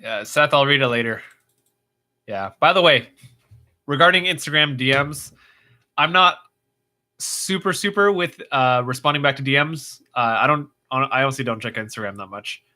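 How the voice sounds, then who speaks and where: Hosting a casual livestream, a man reads viewer comments aloud and answers them off the cuff at a normal speed. His bright voice sits in an ordinary middle pitch, and his chatty, rambling talk is packed with fillers and restarts.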